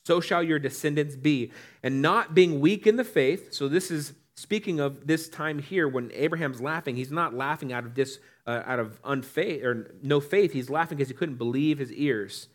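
A man's voice: a little high, moderate pace. A young man preaching a casual, conversational sermon, reading scripture and acting out the people in it. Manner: conversational, animated, acts out quotes. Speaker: pastor.

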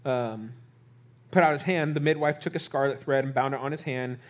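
A man's voice: mid-range voice, fairly quick. A man preaching a sermon in a conversational way, acting out the people in the story and asking the audience questions. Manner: animated, acts out quotes in character voices. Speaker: pastor.

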